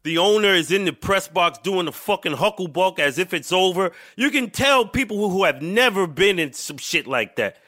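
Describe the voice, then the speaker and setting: A man's voice: high voice, lively intonation, moderate pace, hardly any pauses, pushed and bright. A man co-hosting a podcast, trash-talking sports with lots of profanity. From New York. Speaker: podcast co-host. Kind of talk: casual sports chat.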